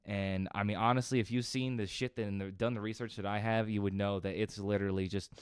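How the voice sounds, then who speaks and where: An agitated man delivers rambling, profane commentary as a reaction video host. His voice is smooth and resonant at a middle pitch. The sound is dry and close. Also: fairly even intonation, quick pace, dry recording. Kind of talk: heated ranting commentary.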